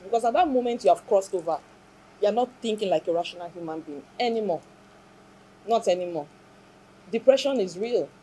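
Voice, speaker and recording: Woman telling her story in an interview, earnest and reflective, soft mellow tone. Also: mid-range voice, slight background noise, rough recording. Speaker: interview guest. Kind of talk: emotional personal testimony.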